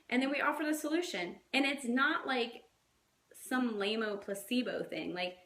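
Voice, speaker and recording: A woman's voice: sits high, fairly bright tone, roomy sound. A woman coaching her team in a casual, chatty way, full of fillers and little acted-out quotes. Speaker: fitness coach.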